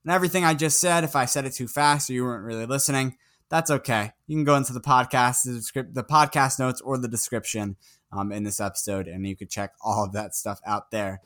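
Bright, rambling young sports podcast host. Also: male voice, mid-range voice, steady tone, a little fast. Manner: rambling, filler-heavy, chuckling. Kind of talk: casual sports podcast chat.

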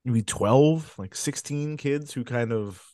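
A podcast co-host riffing through a film recap in relaxed, profane banter. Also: mid-range voice, slow pace, dry recording, studio quality. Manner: laid-back, profane banter. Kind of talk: casual chat, recapping a film.

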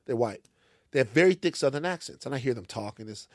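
A man from Louisiana co-hosting a podcast, telling stories in an animated, profane, joking way. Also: medium pitch, fast, no room sound, clean studio sound. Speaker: podcast co-host. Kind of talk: casual chat. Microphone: studio mic.

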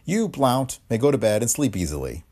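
A man voicing a calm, smug male private detective who explains blandly. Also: medium pitch, fairly quick, pitched above the performer's own voice.

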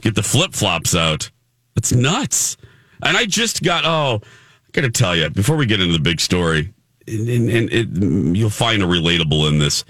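Animated male radio host telling stories. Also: lowish voice, normal speed, dry recording, studio quality. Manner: animated storyteller, acts out voices of people in his story. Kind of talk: casual morning radio chat. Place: radio studio. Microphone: studio microphone.

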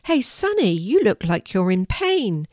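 A woman voicing a gentle, friendly young man who cares for animals, in a storybook reading. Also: mid-range voice, very animated, measured pace, no echo, clean studio sound. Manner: gentle and warm.

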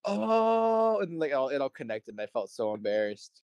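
A young man with a lowish voice tells loose, rambling stories and swears freely. He acts out what people said as he goes. The mic is close and dry. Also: fast talker, darkish tone, smooth, no echo. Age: young adult. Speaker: interview guest, show promoter. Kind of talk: casual conversation.

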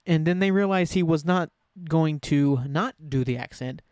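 Rambling, excitable man on a podcast. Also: on the high side, moderate pace, clean tone, no echo, studio quality. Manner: rambling, enthusiastic, self-correcting. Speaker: podcast host. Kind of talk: casual solo podcast chat.

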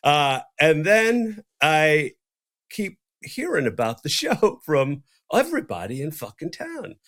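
Middle-aged guy cohosting a podcast, kinda high voice, swears a lot, acts out the dialogue. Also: slow. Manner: profane, animated, acts out quoted dialogue. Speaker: podcast co-host. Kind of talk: casual storytelling chat.

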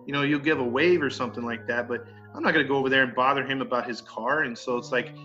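On a podcast, a man with a medium-pitched voice tells a story casually and fast, animatedly acting out the neighbors he quotes and cursing mildly. The sound is dull and lo-fi, with faint music underneath.

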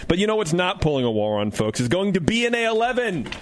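A man's voice: high voice, sing-song, fast talker. A man hosting a radio show in a studio, joking loosely, swearing freely and doing casual live ad reads. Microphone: studio microphone.

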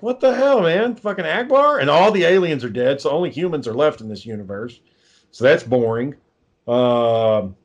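A man ranting sarcastically and swearing constantly in a casual conversation. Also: mid-range voice. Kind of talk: casual profane chat.

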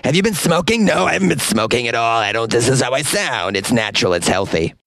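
Raspy man riffing on weird news. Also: medium pitch, expressive, fast, fairly bright tone, a little hiss or hum. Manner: wry, incredulous, joking asides. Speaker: comedian podcast host. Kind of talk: comedic news commentary. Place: small closet. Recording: dry closet recording.

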